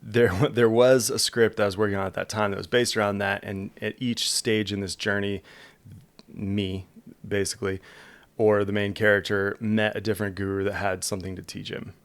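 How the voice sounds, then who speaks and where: A man's voice: on the low side, little pitch movement, moderate pace. A man co-hosting a podcast, recounting a story in casual chat with a dry, laid-back delivery. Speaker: podcast co-host.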